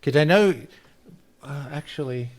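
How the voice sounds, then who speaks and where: A man's voice: a little high, a little slow. A man playing in an online tabletop game, checking the rules and explaining his character's actions with some hesitation. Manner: hesitant, reading rules aloud. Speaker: player. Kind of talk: casual chat at a tabletop game.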